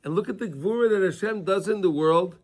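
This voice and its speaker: A man's voice: sits high, a little fast. A man teaching a casual Torah class to students, talking conversationally and repeating himself, often checking in with "right?".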